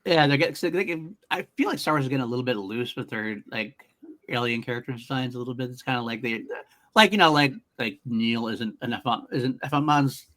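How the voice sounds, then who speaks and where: A man's voice: medium pitch, a little fast, a bit bright. A man co-hosting a podcast, chatting casually and enthusiastically, often repeating himself for emphasis. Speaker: podcast co-host. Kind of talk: casual chat.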